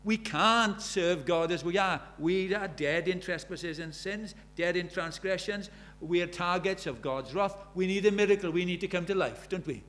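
Earnest older preacher. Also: male voice, sits high, moderate pace, hardly any pauses, fairly bright tone. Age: 70s. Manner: earnest, presses the congregation with rhetorical questions. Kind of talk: sermon. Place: church.

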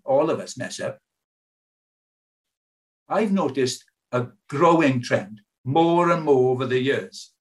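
An older British man preaching a sermon in an earnest, pleading way, asking his hearers many questions. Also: medium pitch.

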